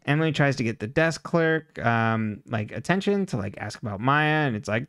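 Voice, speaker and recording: A man's voice: mid-range voice, animated, normal speed, a bit bright, clean tone, no room sound, studio quality. A man co-hosting a podcast, rambling through a casual episode recap with lots of fillers. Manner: rambling, filler-heavy storytelling. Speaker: podcast co-host.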